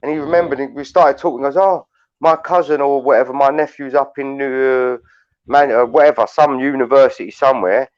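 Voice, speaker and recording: A man's voice: medium pitch, fairly even intonation, a little fast, no echo, lo-fi sound. A man with a London accent who hosts a livestream panel, telling stories in a blunt, sweary rant. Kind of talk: heated casual chat.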